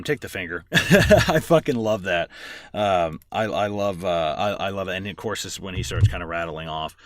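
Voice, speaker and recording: A man's voice: fairly low pitch, fairly bright tone, no room sound, clean studio sound. A man co-hosting a casual movie podcast, rambling through plot recaps with lots of fillers and swearing. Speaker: podcast co-host.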